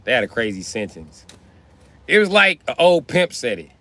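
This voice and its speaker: A man talks casually on a livestream, telling stories with a lively, swooping pitch and a bright, forceful tone. He swears freely and laughs between his lines. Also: normal speed. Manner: animated storytelling with profanity and laughter.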